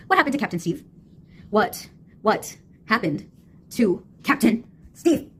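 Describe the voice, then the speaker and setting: A woman's voice: a little high, sing-song, unhurried, long pauses, fairly bright tone, husky. A woman with a sardonic, mocking manner, delivering a casual monologue.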